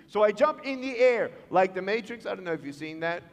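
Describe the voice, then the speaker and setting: Animated man telling stories in a hall. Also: high voice, fairly quick, few pauses. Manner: animated, acts out voices in his stories. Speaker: motivational speaker. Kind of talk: storytelling speech to students. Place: large school hall. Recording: long hall reverb.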